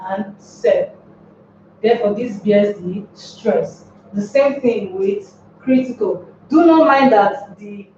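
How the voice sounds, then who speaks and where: Slow, echoey woman teaching stress rules. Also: medium pitch, a little mellow, slight background noise. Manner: spells words out and asks rhetorical questions. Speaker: English teacher. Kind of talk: classroom lecture on word stress. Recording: distant, echoey, dull lo-fi room sound.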